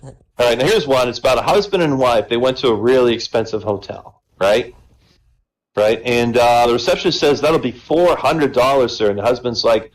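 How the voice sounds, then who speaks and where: A man's voice: mid-range voice, normal speed, poor audio. A man telling jokes at an online comedy show, chatty and conversational, raising his voice to act out characters. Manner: conversational, tags lines with "right?"; acts out characters with a raised voice.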